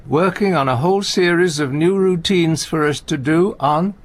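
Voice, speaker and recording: An actor playing a gentle, anxious older comedian in a radio play, talking in halting, stammering restarts. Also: male voice, fairly high pitch, no echo, lightly acted. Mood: tender, coaxing. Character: aging male comedian, gentle, anxious, talkative. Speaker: visiting friend and comedy partner.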